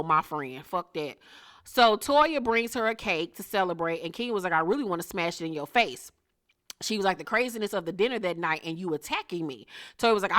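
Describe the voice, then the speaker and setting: Sassy woman doing a reality tv recap, blunt and cussing a lot, jumps way up high when something shocks her. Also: a bit bright. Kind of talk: casual recap commentary.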